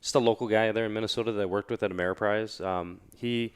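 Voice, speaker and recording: A man's voice: on the low side, fairly even intonation, quick pace, smooth. A man with a Midwestern American accent, a podcast guest chatting easily about his past. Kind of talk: casual chat.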